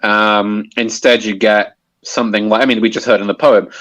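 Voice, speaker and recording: A man's voice: fairly low pitch, steady tone, moderate pace, fairly bright tone, no room sound, lo-fi sound. A man explaining a topic in casual conversation, hesitant with many restarts and fillers. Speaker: guest explaining poetry.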